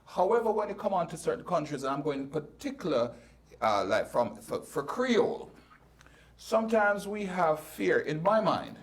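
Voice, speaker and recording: A man's voice: a little high, sing-song, moderate pace, recorded from a distance. A man hosting a panel discussion, asking probing, emphatic questions. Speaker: host.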